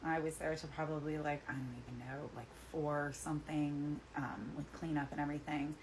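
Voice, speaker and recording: A woman in her thirties telling a casual bar story, chatty and quick to act out what others said. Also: low voice, slight background noise. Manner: chatty, animated quoting of others, lots of "like". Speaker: bartender.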